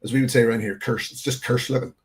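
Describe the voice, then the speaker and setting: A man's voice: mid-range voice, fairly even intonation, quick pace. A man hosting a live whisky tasting, chatting in a rambling, self-correcting way and reading out viewer comments. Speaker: whisky channel host.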